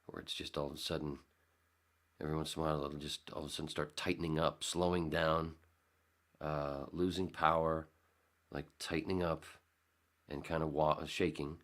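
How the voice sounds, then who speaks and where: A man's voice: extremely low pitch, level tone, moderate pace, fairly bright tone. A man hosting his own podcast, rambling casually and sarcastically, swearing freely. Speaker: podcast host. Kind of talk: casual solo podcast talk.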